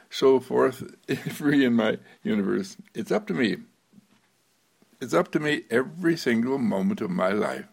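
A man delivers an inspirational thought for the day, his voice carrying a gravelly rasp at a middling pitch. He leans on repetition and emphasis, now and then breaking into a chuckle. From United States. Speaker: self-help speaker. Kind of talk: inspirational monologue.

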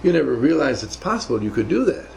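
A man's voice: medium pitch, sing-song, quick pace, gravelly, a little mellow, slight background noise, rough recording. An older man telling rambling, emphatic stories from his navy days in a motivational talk. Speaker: speaker recounting navy service.

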